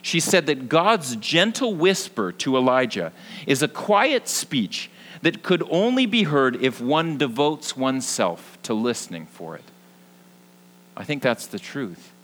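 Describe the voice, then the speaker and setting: A young man preaching a sermon as pastor, earnest, moving between lively emphasis and hushed, soft passages. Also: mid-range voice, unhurried, rough recording.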